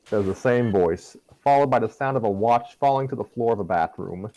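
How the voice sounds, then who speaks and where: A man hosting a show and narrating a fan story in a relaxed, chatty way. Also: mid-range voice, fairly quick, no echo, low-quality recording. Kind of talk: casual fan fiction narration.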